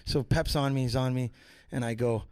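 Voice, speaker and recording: A man's voice: medium pitch, fairly even intonation, normal speed, a little mellow, clear, resonant tone, no echo. A man on a podcast, telling rambling, profane stories in a casual way and switching voices for the people he quotes. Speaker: podcast guest. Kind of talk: casual storytelling.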